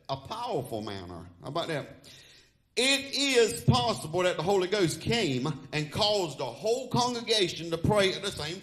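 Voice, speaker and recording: A man's voice: sits high, a bit bright. A male pastor preaching fervently in church, often calling out "Huh?" to the congregation. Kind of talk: sermon.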